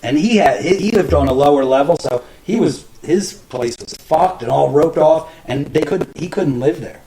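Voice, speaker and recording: A man's voice: fairly high pitch, animated, moderate pace, warm tone, poor audio. Rambling, cursing man telling stories. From New Jersey. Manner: rambling, profane, many restarts and fillers. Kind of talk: casual storytelling monologue.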